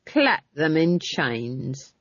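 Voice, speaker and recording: A gruff male guard captain who drags out his orders in a low, heavy voice, put on by a woman reading a storybook. The tone is husky and the recording dull and dry. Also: sing-song, no room sound, exaggerated voice. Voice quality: low and slow.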